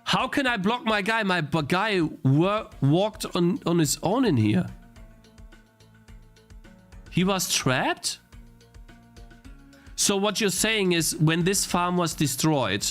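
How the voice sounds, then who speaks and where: Young guy streaming a game, talks his way through it, restarts a lot, gets frustrated quick, pitch jumps all over. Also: lively intonation, fairly bright tone, faint music behind. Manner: thinks aloud, restarts sentences, easily frustrated. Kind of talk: live-stream gameplay commentary.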